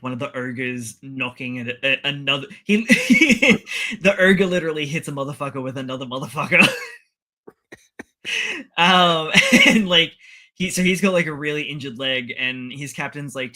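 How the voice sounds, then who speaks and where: Rambling man with a bright voice. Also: medium pitch, moderate pace. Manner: rambling, laughs often, acts out the lines. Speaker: podcast co-host. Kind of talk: casual chat recapping an anime episode.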